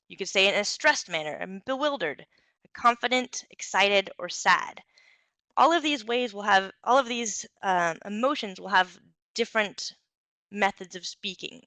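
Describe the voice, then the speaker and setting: A young woman giving an instructional talk on communication skills, clear and encouraging, with occasional fillers. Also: medium pitch, bright, forceful tone, no echo.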